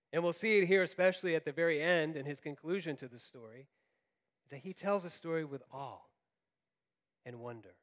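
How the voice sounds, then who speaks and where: A man who grew up in Florida, preaching a sermon as pastor and acting out quotes in an animated storytelling manner. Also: fairly high pitch.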